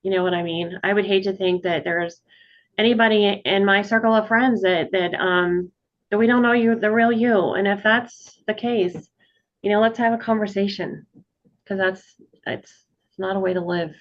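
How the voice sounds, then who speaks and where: A woman thanking friends at her book launch on a video call, speaking in a halting way with many fillers. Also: medium pitch, fairly even intonation, lo-fi sound. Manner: warm, halting, lots of ums. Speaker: author being celebrated.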